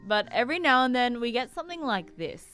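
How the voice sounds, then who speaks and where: A woman narrating a news explainer segment in a measured, scripted delivery. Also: a little high, very animated, a bit bright, faint music behind. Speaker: news reporter.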